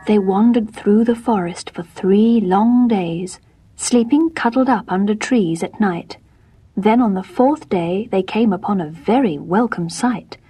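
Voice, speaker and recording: A woman storyteller reading a fairy tale aloud in gentle, measured, soft-spoken scripted narration. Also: mid-range voice, husky.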